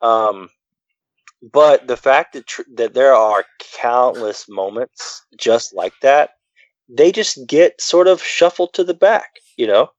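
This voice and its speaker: A man's voice: medium pitch, animated, takes it slowly, no room sound, highs cut off. A man co-hosting a casual political chat, rambling with many fillers and restarts. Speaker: podcast co-host.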